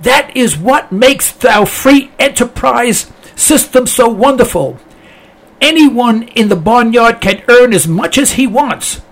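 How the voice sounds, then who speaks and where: A man's voice: extremely high pitch, expressive, slow, a bit bright, voice pushed up, exaggerated voice. A man playing a smug lecturing farmer.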